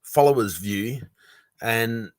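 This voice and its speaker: A man's voice: mid-range voice, slow, no room sound. A man hosting a casual livestream, chatting loosely and greeting viewers by reading their comments aloud. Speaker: livestream host.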